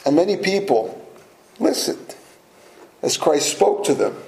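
A man's voice: high voice, big pitch swings, unhurried, creaky, darkish tone. Man telling a sermon story, echoey room. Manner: storytelling, with small laughs and restarts. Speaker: pastor.

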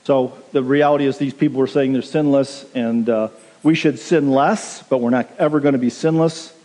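A man's voice: mid-range voice, fairly even intonation, normal speed, dark tone. A pastor preaching a sermon, earnest and direct, urging his listeners plainly. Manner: earnest, direct exhortation with quoted asides. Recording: long reverb of a large hall.

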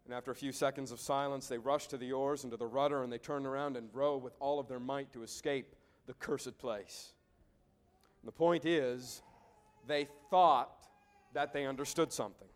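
A man's voice: mid-range voice, steady tone, moderate pace. A male pastor giving an earnest sermon to a congregation, often repeating words as he thinks aloud. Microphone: preaching to a congregation.

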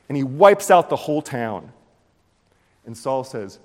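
A man preaching a sermon, retelling a scripture story with animated storytelling, acting out the scenes and cracking puns. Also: mid-range voice, unhurried, long pauses. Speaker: pastor. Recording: long hall reverb.

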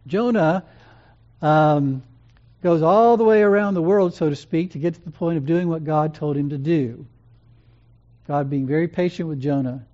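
A preacher giving a sermon in an earnest, gentle and measured way, pausing and restarting phrases. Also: medium pitch. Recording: dull lo-fi recording.

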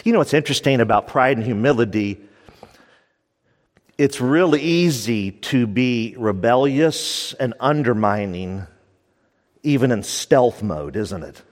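A man's voice: mid-range voice, lively intonation, a little slow, in a large hall. A man preaching a sermon as pastor, emphatic and repeating his key lines for stress.

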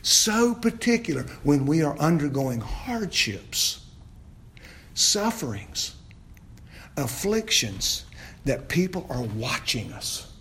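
A man preaching an expository sermon as pastor, asking the congregation questions, repeating phrases and rising to loud, emphatic peaks. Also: on the high side, very animated, takes it slowly, slight background noise.

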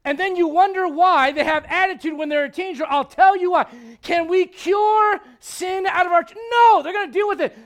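A male pastor preaching a blunt, confrontational sermon, swinging from loud outbursts to hushed intensity. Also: very high-pitched, normal speed, hardly any pauses.

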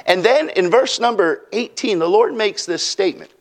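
High-voiced folksy preacher. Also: male voice, animated, normal speed, a little hiss or hum. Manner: folksy, preaching with acted-out quotes. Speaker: pastor. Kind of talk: sermon.

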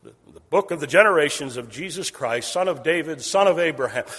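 A man preaching an expository sermon. He builds phrases in rhythmic repeated series and swings from loud emphasis to a hushed near-whisper. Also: fairly high pitch, expressive, fairly quick, slightly rough. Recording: long hall reverb.

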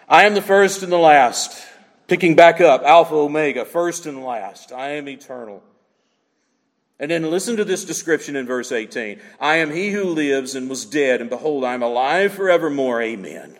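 Animated preacher in a reverberant hall. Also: male voice, fairly high pitch, normal speed. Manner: dramatic, swings between loud emphasis and hushed asides. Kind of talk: sermon.

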